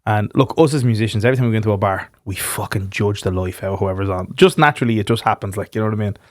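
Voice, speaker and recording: A man's voice: fairly low pitch, racing, dry recording, clean studio sound. A man hosting a podcast, chatting casually and telling stories with plenty of swearing. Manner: swearing, storytelling with acted quotes. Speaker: podcast host and musician. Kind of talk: casual chat.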